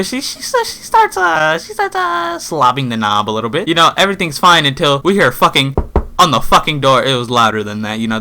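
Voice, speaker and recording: A young man telling a story to his viewers in a vlog, profane and animated, with sudden yelled bursts. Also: medium pitch. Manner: animated, profane, yells in bursts when retelling. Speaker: vlogger.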